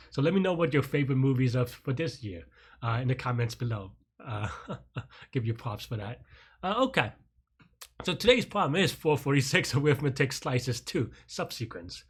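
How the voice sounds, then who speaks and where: Guy rambling on his coding stream, kinda husky, lots of ums and restarts, teases himself a bit. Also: mid-range voice. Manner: rambling, full of fillers and restarts; self-deprecating with light laughs. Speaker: programming streamer. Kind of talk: casual livestream chat.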